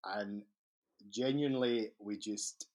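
A man's voice: on the low side, fairly even intonation, takes it slowly, darkish tone. A man with a Scottish accent, a podcast guest telling long stories in casual chat, swearing freely and laughing as he goes. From Scotland.

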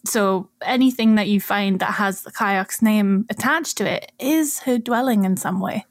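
A woman's voice: mid-range voice, normal speed, no room sound. A woman co-hosting a podcast, explaining archaeology in casual chat and often laughing as she talks.

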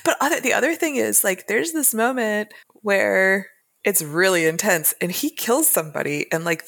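A woman's voice: mid-range voice, a bit bright. A woman co-hosting a romance book podcast, talking casually and thoughtfully, analyzing the books with occasional laughs. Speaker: podcast co-host.

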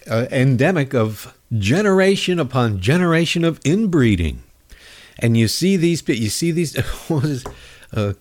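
Male radio host, sarcastic ranting monologue, lively swooping pitch, mid-range voice. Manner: sarcastic, angry, mocking. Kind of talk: ranting talk show monologue.

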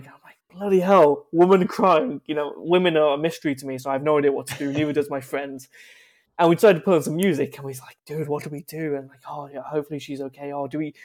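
A man's voice: medium pitch, darkish tone. Young man telling wry stories. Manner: rambling, offhand, wry. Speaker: podcast guest. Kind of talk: casual anecdotal storytelling.

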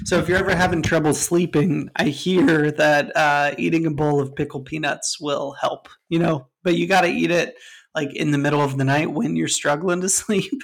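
A man's voice: a little high, steady tone, moderate pace, gravelly. A man co-hosting a podcast in casual chat, joking and laughing often. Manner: laughs often, jokey and loose. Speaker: podcast co-host.

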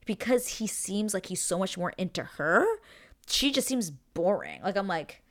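Gossipy young woman with lively pitch. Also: normal speed. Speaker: reality TV recap vlogger. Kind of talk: casual chat recap.

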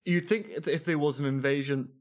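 A man's voice: a little high, steady tone, brisk. A man co-hosting a podcast, explaining things in a wry, casual way. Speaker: podcast co-host. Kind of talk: casual chat.

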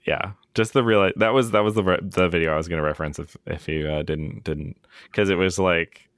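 A man with a very low voice chats easily on a podcast, relaxed and self-deprecating, full of ums and little restarts. The sound is close and dry, with no room around it. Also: brisk, clean tone, no room sound. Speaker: podcast co-host. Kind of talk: casual chat.

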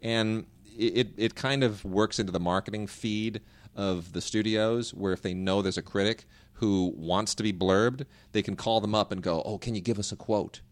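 A middle-aged man with a lowish voice talks through movie questions on a podcast. He is opinionated and rambling, often circling back and restarting his sentences. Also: fairly even intonation, normal speed. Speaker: podcast co-host reading listener emails. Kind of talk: casual podcast chat.

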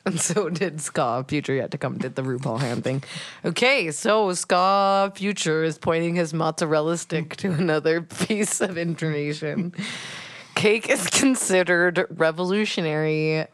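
A woman's voice: sits low, unhurried. A woman hosting a comedy podcast, rambling and sarcastic, often breaking into giggles. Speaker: podcast host.

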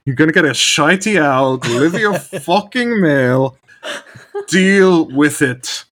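A man putting on a loud, blustering Scottish accent as a gruff, swearing ogre-like man. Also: fairly high pitch, expressive, unhurried, voice pushed up. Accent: put-on Scottish.

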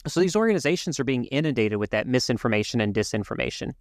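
A man talks through world events with a co-host in an earnest, measured way, pausing and restarting now and then. His voice sits at an ordinary middle pitch. The recording is close and dry. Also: lively intonation, dry recording. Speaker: podcast co-host. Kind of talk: casual podcast chat.

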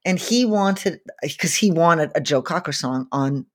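A woman with a raspy, soulful voice, chatting casually as a guest singer and telling stories in an animated way with quick restarts. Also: low voice. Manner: animated storyteller, frequent restarts and laughs. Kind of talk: casual interview chat.

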